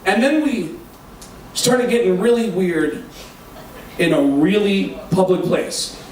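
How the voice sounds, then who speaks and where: High-voiced man telling a stand-up story. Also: slow, recorded from a distance, a little hiss or hum. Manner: animated, swearing, acts out quoted voices. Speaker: stand-up comedian. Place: comedy stage before a live audience. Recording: echoey live room, mic heard from afar. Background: audience laughter.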